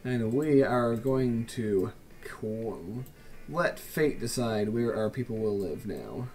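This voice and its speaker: A man's voice: medium pitch, expressive, takes it slowly, a little mellow, a little hiss or hum. A young man giving casual, joking commentary over a city-building game, full of playful, mock-grand asides to the viewers. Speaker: let's play commentator.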